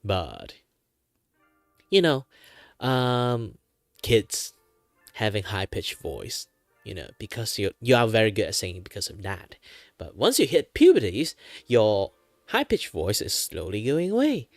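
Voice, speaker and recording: Man from Malaysia, low relaxed voice, rambling casual streamer chat, chuckles a lot, very lively intonation, dry close sound. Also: unhurried, long pauses, dry recording, soft background music. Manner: rambling, chuckles often, many fillers. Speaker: VTuber art streamer. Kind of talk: casual chatty livestream talk.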